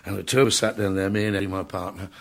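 An older male entertainer spins comic backstage anecdotes in a chatty style, dropping "you know" asides and laughing at his own stories. His voice is low, level and rapid-fire, with vocal fry.

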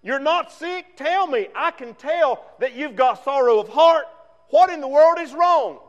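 A man's voice: very high voice, animated, a little slow, lo-fi sound, voice pushed up. A preacher voicing an ancient king who anxiously questions his trusted servant. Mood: concerned. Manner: pleading, questioning. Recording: long reverb.

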